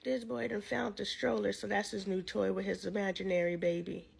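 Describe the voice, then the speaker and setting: A woman talking straight to her viewers in a casual vlog, animated and outspoken, swearing freely. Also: medium pitch, brisk, gravelly, husky. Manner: talks straight to viewers, says "y'all". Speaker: family advocate content creator.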